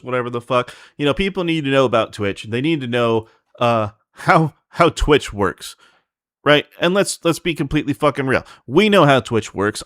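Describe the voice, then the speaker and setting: A man's voice: medium pitch, fairly bright tone, no room sound, clean studio sound. A man hosting a livestream, talking casually in a blunt, profane, ranting way to his chat. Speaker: streamer host.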